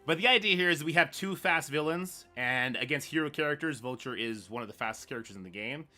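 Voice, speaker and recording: A man streaming live gameplay, talking through his moves and ranting loudly at the game when it goes wrong. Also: on the high side, quick pace, soft background music. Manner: excitable, swearing rants at the game; mutters strategy half to himself.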